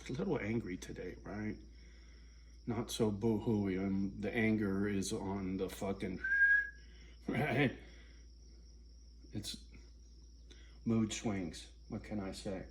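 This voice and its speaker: A man's voice: on the low side, steady tone, slow pace, pauses often, darkish tone, slight background noise. A man ranting bluntly and profanely in a casual vlog, alone at home. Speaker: vlogger. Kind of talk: casual rant to camera.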